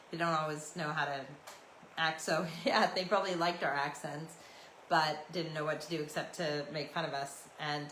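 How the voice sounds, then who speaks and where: A Canadian woman in her forties rambles through a solo podcast in a loose, chatty, storytelling way. Her voice sits a little low but has a bright, forward edge. She is heard in an echoey room. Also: a little hiss or hum. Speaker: podcast host.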